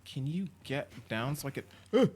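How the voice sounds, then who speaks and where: A man's voice: on the high side, lively intonation, a little fast, background noise. A British man streaming a cozy game, chatting casually and swearing freely while talking to his viewers and his pet. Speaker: livestreamer. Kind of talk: casual chat while gaming.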